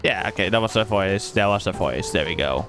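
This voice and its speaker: A man's voice: fairly low pitch, lively intonation, brisk. A man chatting casually on a game stream, muttering to himself and swearing casually. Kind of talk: casual live stream chat. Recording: game music playing behind.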